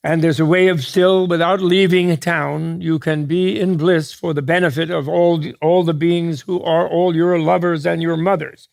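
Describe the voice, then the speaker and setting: A Buddhist teacher speaks to an audience in a slightly high, steady, gravelly and somewhat mellow voice during a dharma talk. He rambles and jokes, often begins thoughts over, and drops in quick asides with laughs.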